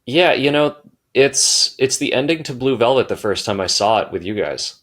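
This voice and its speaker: A man's voice: mid-range voice, animated, moderate pace, fairly bright tone. A man, a podcast guest, reflecting casually on a past film viewing and swearing now and then.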